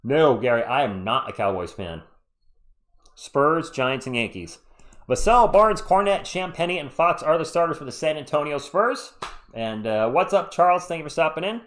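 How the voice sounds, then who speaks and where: A man hosts a fan live stream of a basketball game, giving play-by-play commentary and reading live chat between calls. He's chatty and sounds a little congested. His voice is a little high and a bit bright, with lively intonation at normal speed.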